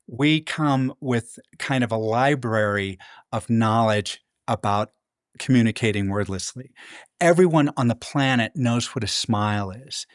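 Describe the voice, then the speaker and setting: A man who is a guest on a podcast, explaining his ideas in a measured way with many fillers. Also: mid-range voice, no echo, clean studio sound. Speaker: podcast guest, business consultant. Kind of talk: casual podcast conversation.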